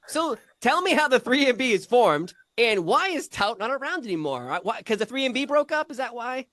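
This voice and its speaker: A man hosting a casual interview, talking like an excited fan, chatty and calling his guest "dude". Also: extremely high pitch, a little fast, no room sound, clean studio sound. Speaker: interview host.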